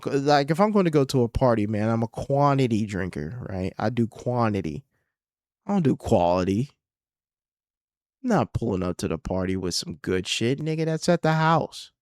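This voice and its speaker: A young man, a comedian, hosts his own podcast with a lowish voice, ranting casually and profanely in a solo episode. He rambles and sounds exasperated, and the recording is studio quality with no room sound.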